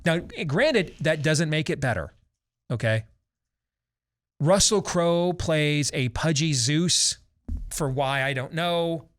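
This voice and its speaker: Guy in his 40s hosting a talk show, sarcastic theatrical rant, voice sits a bit high. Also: a bit bright. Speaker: host. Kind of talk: opinionated talk show commentary.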